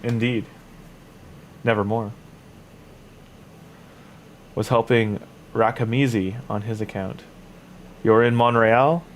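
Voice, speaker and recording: A man's voice: medium pitch, steady tone, measured pace, slight background noise. A Canadian man with a Canadian accent, casually chatting while playing a game, sleepy and rambling with lots of restarts. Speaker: game streamer. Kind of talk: casual gaming commentary.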